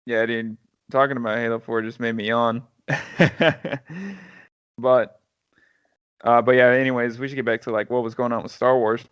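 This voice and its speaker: A man co-hosting a podcast, chatting casually and rambling, often trailing off quietly at the ends of phrases. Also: mid-range voice, little pitch movement, normal speed, pauses often, clear, resonant tone, dry recording, dull audio. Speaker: podcast co-host. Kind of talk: casual chat.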